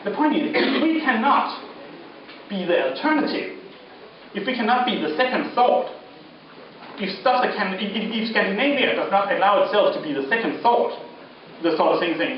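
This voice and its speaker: A man from the Faroe Islands gives a rambling, joking, provocative lecture, halting and restarting as he talks. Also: high-pitched, expressive. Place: gallery lecture space. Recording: echoey, dull, noisy, far from mic.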